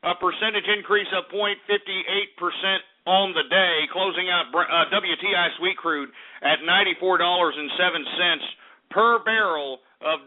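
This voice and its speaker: Male talk-radio host, combative ranting market reporter, lo-fi phone-quality sound. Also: sits high. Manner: loud, crude, combative, swears at listeners. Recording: tinny phone-like lo-fi audio.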